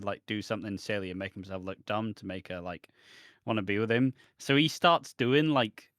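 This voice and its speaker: A man with a British accent co-hosting a podcast, recapping soap episodes in animated, casual chat with laughter. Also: mid-range voice, clear, resonant tone, no room sound, clean studio sound. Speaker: podcast co-host.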